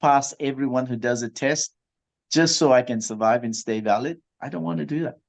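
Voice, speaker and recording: An older man, a martial arts master who is a guest in an interview, speaking in a reflective, measured way about firm principles. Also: mid-range voice, creaky. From Australia. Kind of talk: interview conversation.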